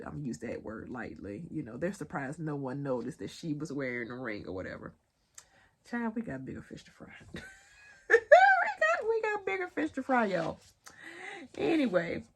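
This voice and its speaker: Speaking in a low, darkish voice with a breathy edge, this young Southern woman is a vlogger running through pop-culture news. Her tone is chatty and she addresses her audience directly as y'all, tossing in laughing asides.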